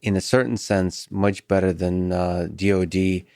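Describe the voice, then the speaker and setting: A man hosting a podcast, speaking in a measured, thoughtful way with pauses and fillers. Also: low voice, level tone, darkish tone, dry recording, clean studio sound. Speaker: podcast host. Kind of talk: casual conversation.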